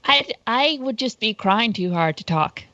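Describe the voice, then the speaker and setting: A woman's voice: a little high, expressive, unhurried, sharp tone, no echo, lo-fi sound. A woman guesting on a casual podcast chat, candid and thoughtful.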